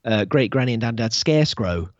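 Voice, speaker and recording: Easygoing man, expressive intonation, dry slightly muffled home-mic sound. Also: mid-range voice, a little fast, no room sound. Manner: easygoing, chuckling listener. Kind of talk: casual chat.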